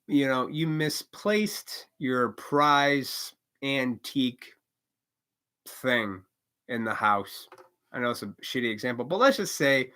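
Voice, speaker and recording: A man talks loosely through a live stream monologue, his pitch bouncing around a lot as he goes. His tone is bright and forward, with frequent profanity, short chuckles and quick acted-out quotes. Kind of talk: casual rambling monologue.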